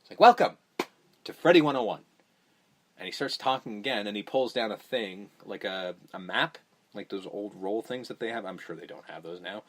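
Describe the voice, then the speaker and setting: A man's voice: fairly low pitch, fairly quick, a bit bright. A man casually recapping a horror movie on a podcast, swearing freely and acting out the characters' lines. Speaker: podcast host.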